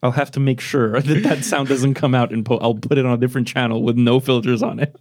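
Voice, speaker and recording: He's a fast talker, with a medium-pitched, steady voice that has a slightly mellow edge. This podcast host from Romania speaks English as a non-native, and his casual chat is rambling, self-deprecating and full of swearing, captured on a podcast microphone.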